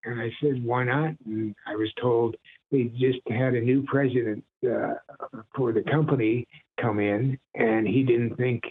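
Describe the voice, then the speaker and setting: A middle-aged voice actor from Ohio speaks a little slowly in a mid-range voice, with a bit of hiss or hum on the tinny phone line. Guesting in an interview, he's an animated storyteller who chuckles a lot and drifts into impressions.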